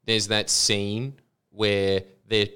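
A man's voice: lowish voice, very slow, clear, resonant tone. A man in casual conversation, telling a funny story and acting out the voices of the people in it. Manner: animated storyteller, acts out voices. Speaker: co-host. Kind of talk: casual chat.

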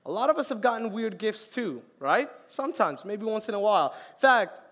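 A young man preaching a sermon as youth pastor, lively and joking, acting out little quotes. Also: high voice, fairly quick. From Colombian family, raised in Florida.

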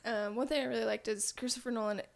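A young adult woman co-hosts a podcast, chatting casually and sharing trivia with lots of fillers. Her voice is on the high side, creaky, fast, and fairly even in intonation.

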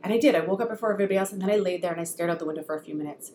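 A woman's voice: on the low side, very fast, a little mellow. A woman co-hosting a podcast, telling a story in casual chat and acting out the voices she quotes. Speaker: podcast co-host. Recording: roomy echo, faint ambient noise.

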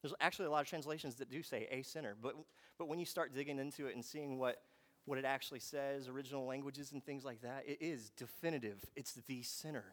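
A man preaching a sermon, moving between quiet reflection and fervent, emphatic passages. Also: mid-range voice, steady tone, fast talker. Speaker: pastor.

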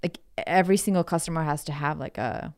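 A woman's voice: deep voice, fast talker, darkish tone. A woman in casual chat who teases with dry sarcasm.

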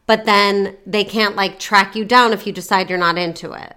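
A woman's voice: medium pitch, fairly even intonation, normal speed, pushed and bright, clear, resonant tone. A woman giving direct, upbeat dating advice in a casual podcast chat, once an actor. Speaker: dating coach guest.

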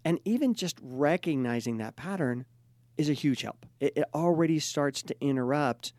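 A man's voice: fairly high pitch, expressive, moderate pace, a little mellow, dry recording. A middle-aged male therapist co-hosting a podcast, talking agreeably about clients. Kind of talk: conversational discussion.

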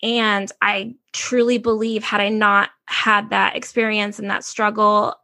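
Gravelly, bright-voiced woman telling her story. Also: medium pitch, dry recording. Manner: casual and slangy, frank. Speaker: interview guest. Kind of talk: candid personal storytelling.

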